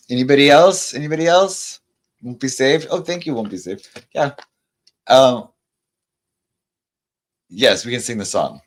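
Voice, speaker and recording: A man giving tarot card readings in a casual livestream chat with viewers, rambling and stammering through restarts, and reading card messages aloud slowly. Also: mid-range voice, expressive. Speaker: tarot reader.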